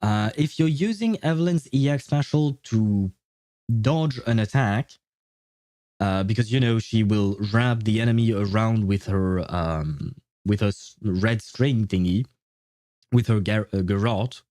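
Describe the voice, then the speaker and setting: A man's voice: fairly low pitch, measured pace, darkish tone, no echo. A young man with a French accent, a French speaker chatting casually while streaming a game, rambling, correcting himself and laughing often. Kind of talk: casual livestream chat.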